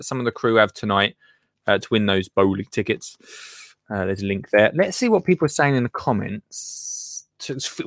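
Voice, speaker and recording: An English man hosts a live radio show, reading listener comments in a loose, rambling way, laughing a lot and trailing off into mutters. His voice is medium-pitched and slightly bright, recorded with studio quality and no echo.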